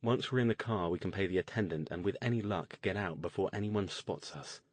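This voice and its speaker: A man's voice: deep voice, fairly quick, dry recording. A man voicing a weary, sardonic mage who speaks in a dry, clipped, irritable way.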